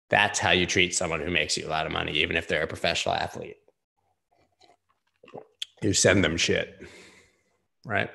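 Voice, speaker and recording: A man with a low, gravelly voice that has a bright edge hosts a casual live stream of chart analysis. He talks loosely and rambles, with lots of "like" and easy swearing. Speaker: host.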